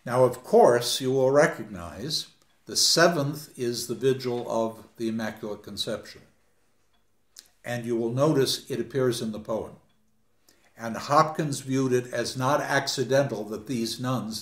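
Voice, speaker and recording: A man giving a conference lecture on poetry, emphatic and dramatic, with wide swings in loudness. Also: medium pitch. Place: conference hall. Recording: echoey conference hall.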